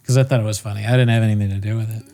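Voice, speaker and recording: A man's voice: lowish voice, steady tone, very fast, warm tone. A young man co-hosting a casual podcast, making laid-back, joking asides. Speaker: podcast co-host.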